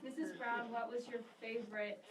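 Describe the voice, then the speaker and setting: A woman at a ghost hunt asks a spirit polite questions. Her voice sits a little high, and audience chatter is clear around her. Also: fairly even intonation, normal speed. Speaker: audience member asking questions.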